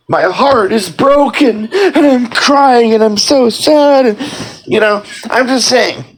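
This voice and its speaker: A man's voice: a little high, creaky, a bit bright, poor audio. A man in a casual ranting monologue, sarcastic and profane, rambling with lots of fillers and mock-scolding.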